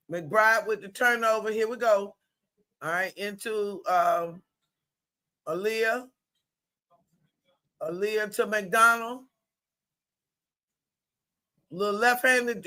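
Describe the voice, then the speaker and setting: A woman streaming live play-by-play commentary in a chatty, colloquial way, exclaiming loudly at good plays. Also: mid-range voice.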